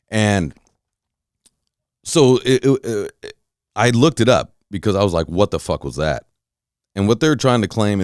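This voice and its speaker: A man hosting a podcast, telling a story in a casual, animated monologue, swearing and acting out his own reactions. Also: sits low, dry recording, studio quality. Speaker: podcast host.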